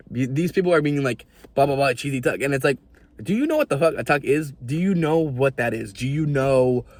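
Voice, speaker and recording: A young man ranting to camera in a vlog, animated and exasperated, swearing freely. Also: medium pitch, no echo. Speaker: video creator.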